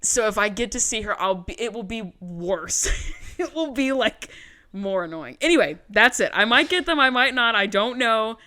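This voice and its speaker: A young adult woman co-hosting a podcast in casual chat. She is animated and self-mocking, and swears casually. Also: on the high side, moderate pace. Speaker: podcast co-host.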